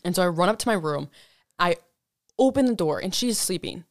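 Low-voiced young woman telling a story. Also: brisk, no room sound, clean studio sound. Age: young adult. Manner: animated storytelling with frequent swearing and fillers. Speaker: guest telling a college story. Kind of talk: casual podcast chat.

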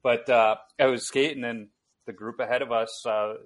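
A man's voice: mid-range voice, moderate pace. A man from Chicago hosting a podcast, chatting and telling stories conversationally. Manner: conversational, relaxed storytelling. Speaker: podcast host. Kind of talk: casual interview chat.

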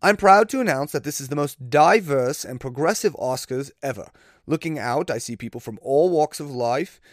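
A man's voice: mid-range voice, expressive, moderate pace, no echo, studio quality, natural voice. A man voicing a British comedian roasting an awards crowd, in a clumsy put-on British accent that drifts toward Australian. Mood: mocking.

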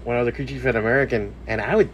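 A man's voice: mid-range voice, very fast, a little hiss or hum. A man hosting a podcast in casual, profane chat, laughing often and telling stories with animation. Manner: laughs often, swears freely, animated storytelling. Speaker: podcast host.

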